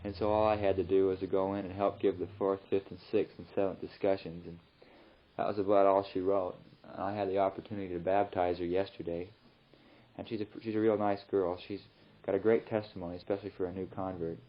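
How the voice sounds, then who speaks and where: A young missionary man recording a rambling, relaxed spoken letter home in his flat. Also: sits low, brisk. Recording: muffled old tape recording.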